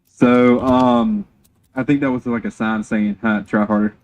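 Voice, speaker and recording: A man's voice: mid-range voice, steady tone, measured pace, muffled recording. A man, chatting on a game stream and telling a joking, rambling story with casual swearing. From North Carolina, USA.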